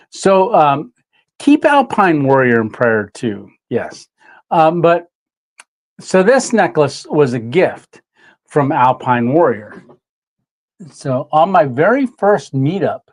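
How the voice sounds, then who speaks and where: A man hosting a live stream, reading viewer comments in a relaxed, emotional way with many pauses and fillers. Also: medium pitch. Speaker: channel host.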